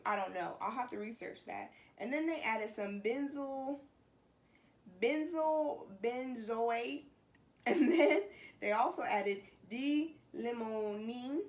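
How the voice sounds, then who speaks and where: Woman vlogger, slightly high voice, casual venting to camera. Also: slow. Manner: animated, exasperated, many restarts and sighs. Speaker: beauty vlogger. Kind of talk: casual vlog talk to camera.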